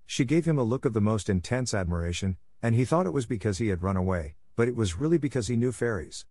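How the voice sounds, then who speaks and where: Low-voiced man reading a storybook. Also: animated, fast, few pauses, warm tone, no echo, clean studio sound. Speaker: narrator. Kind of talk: scripted storybook narration.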